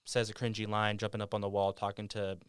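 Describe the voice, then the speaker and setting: A man's voice: lowish voice, monotone, quick pace, smooth, no echo, studio quality. A man hosting a podcast, casually retelling a movie scene by scene in a rambling way. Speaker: podcast host.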